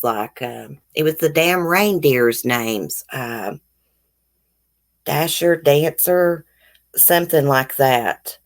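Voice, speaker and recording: A woman from the American South with a Southern accent, hosting a casual live stream, chatting frankly and bluntly with her viewers as she reads their comments. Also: low-pitched. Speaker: YouTube live stream host.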